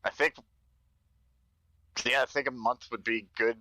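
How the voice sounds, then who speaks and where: A man's voice: mid-range voice, steady tone, a little slow, pushed and bright, no echo. A man playing in a tabletop game over voice chat, talking casually and thinking aloud. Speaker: player.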